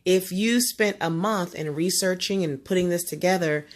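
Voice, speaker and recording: In a one-on-one homeschool session, a woman guides her student and keeps checking comprehension with quick tag questions. Her voice is on the low side.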